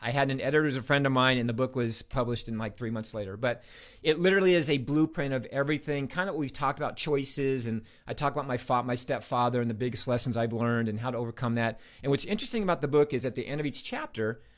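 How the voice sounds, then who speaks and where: Male interview guest, quick and enthusiastic, loose rambling storytelling. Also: medium pitch. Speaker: podcast guest, author. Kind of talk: casual interview chat.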